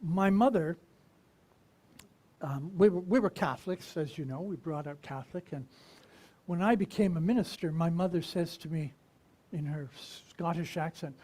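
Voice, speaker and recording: A minister giving a conversational sermon, asking the congregation questions and pausing to reflect. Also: mid-range voice, a little mellow. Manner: unhurried and reflective, with pauses.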